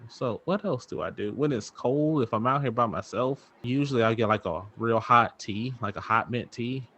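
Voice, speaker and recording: A podcast co-host, somewhere between young adult and middle-aged father, chats casually on a back patio at night in a laid-back, rambling way full of fillers. His medium-pitched voice is a bit bright and slightly rough, moving at normal speed on a lo-fi recording.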